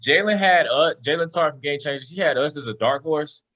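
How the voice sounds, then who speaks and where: A man co-hosting a podcast, talking sports in casual banter and asking questions in an animated way. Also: fairly high pitch, brisk. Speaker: podcast co-host.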